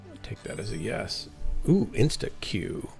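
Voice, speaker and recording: Low, gravelly-voiced game streamer. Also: male voice, wildly swooping pitch, a little slow, darkish tone, soft background music. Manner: chatty, rambling, talks to teammates. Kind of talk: casual gaming livestream chat.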